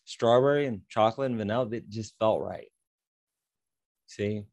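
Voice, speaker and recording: Man telling an animated teaching story. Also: fairly low pitch, moderate pace. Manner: animated storytelling, quoting both sides of a dialogue; emphatic, repeats phrases. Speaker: presenter on fair housing. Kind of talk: illustrative talk with a story.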